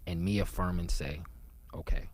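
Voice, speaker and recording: Speaking at a moderate pace, a very deep-voiced man reflects earnestly in a conversational way. He frequently sinks into a quiet, low murmur but becomes emphatic whenever he drives a point home.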